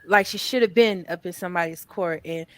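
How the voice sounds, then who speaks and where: A woman's voice: lowish voice, brisk, no room sound. A woman guest on a casual panel chat, outspoken and emphatic.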